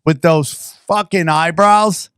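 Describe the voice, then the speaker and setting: A man hosting a podcast, chatting casually in an excitable, crude, riffing way. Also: fairly high pitch, slow pace, clear, resonant tone, dry recording, studio quality. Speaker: podcast host. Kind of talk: casual chat.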